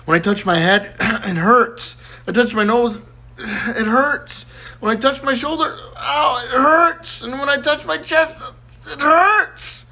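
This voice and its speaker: A man voicing a mischievous little boy in a high, whiny kid voice while telling jokes. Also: takes it slowly, sharp tone, heavily acted.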